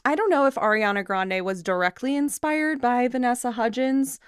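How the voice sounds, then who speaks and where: A woman hosting a podcast in casual chat, quick to agree and fond of mimicking characters. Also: a little high, clear, resonant tone, no echo, clean studio sound. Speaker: podcast host.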